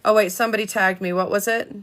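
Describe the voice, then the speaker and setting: A woman hosting a casual livestream, reading letters aloud in a chatty, halting way with many ums and restarts. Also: medium pitch, fairly even intonation, fairly bright tone. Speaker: livestream host reading documents.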